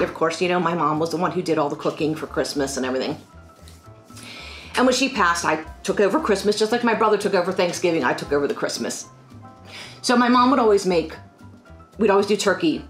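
Chatty woman telling family stories. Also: on the low side. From Pennsylvania. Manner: chatty, rambling, animated storytelling. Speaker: financial firm staff. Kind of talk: casual personal storytelling.

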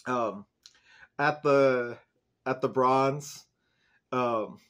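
A man of middle pitch talks through a TV episode in a loose, chatty recap. He fills his sentences with "like" and "um" and keeps the retelling lively and conversational, never scripted. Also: extremely slow. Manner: chatty, peppered with "like" and "um", animated retelling. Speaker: show host reviewing an episode.

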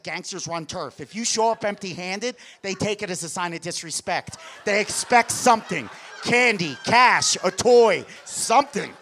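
A man doing stand-up comedy on a club stage, telling family stories in an energetic, conversational way to the audience. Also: on the high side.

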